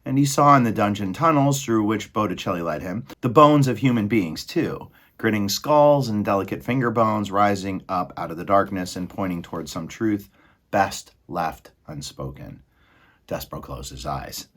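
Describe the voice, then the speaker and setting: A man reading a children's novel aloud in an expressive, dramatic way. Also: on the low side, normal speed. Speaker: storybook reader.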